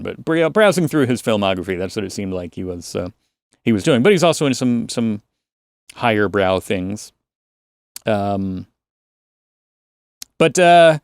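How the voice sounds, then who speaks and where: A man's voice: on the low side, dry recording, clean studio sound. A man in casual podcast chat, rambling and hesitant as he works through his thoughts. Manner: rambling, hesitant, lots of fillers. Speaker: podcast co-host.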